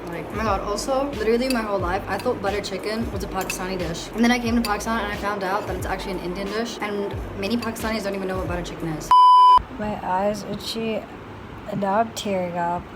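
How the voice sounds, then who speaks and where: A woman's voice: medium pitch, steady tone, fast. A young adult woman chatting casually to the camera in a vlog, giggly and full of "like" fillers. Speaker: vlogger. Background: background music.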